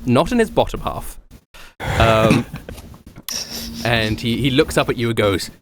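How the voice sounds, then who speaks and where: A man narrating as game master of a tabletop game, animated and laughing often, with many fillers. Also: medium pitch, takes it slowly, a little hiss or hum.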